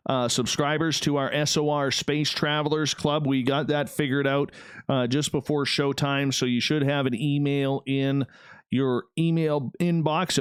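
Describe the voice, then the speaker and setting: An upbeat Canadian man hosts a live radio broadcast, greeting his chatters with bouncy jumps in pitch. His voice is smooth and resonant, recorded close to a studio mic in a dry room with no echo.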